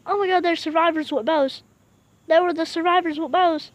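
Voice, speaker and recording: Young woman, let's play commentator, excitable and easily spooked, very high voice. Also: brisk, no echo. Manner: excitable, panicky, yelling. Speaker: gaming video host.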